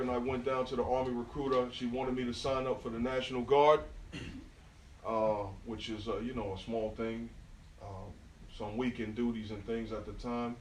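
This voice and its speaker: A middle-aged man with a New York accent giving a talk, telling lively stories in street slang and often checking in with the audience. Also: medium pitch, normal speed, a little hiss or hum. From New York, USA. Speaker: guest speaker. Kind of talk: storytelling artist talk. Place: indoor talk venue with audience. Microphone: phone recording from across the room. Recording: echoey room, phone mic far off.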